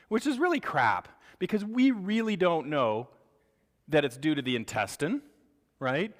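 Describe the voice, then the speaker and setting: A man giving a live medical lecture to clinicians, animated and joking, acting out parents' reactions. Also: fairly high pitch, in a large hall.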